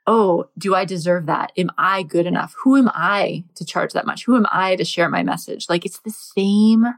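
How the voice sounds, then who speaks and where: A woman's voice: on the low side, moderate pace, vocal fry. A woman hosting a podcast, chatting in a casual way and reflecting on what her guest says. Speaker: podcast host. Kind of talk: casual interview chat.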